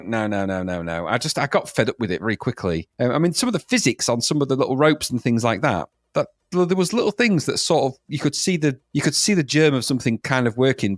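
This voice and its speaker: A man's voice: mid-range voice, no room sound, clean studio sound. A man co-hosting a casual retro game review chat, talking in an emphatic, grumbling way and repeating "no, no, no". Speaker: podcast co-host.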